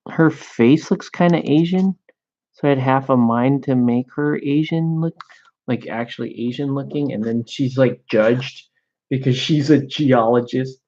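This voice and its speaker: A man's voice: mid-range voice, a little slow, darkish tone, highs cut off. A man chatting casually while painting miniatures, laid-back and joking, swearing now and then.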